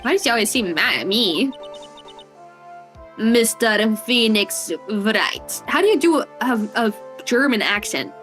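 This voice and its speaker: A woman's voice: fairly high pitch, sing-song, brisk, fairly bright tone, faint music behind. A young woman streaming a video game, chatting casually and giggling at herself. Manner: giggly, chatty, self-mocking. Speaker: VTuber streamer. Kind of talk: casual gaming stream chat.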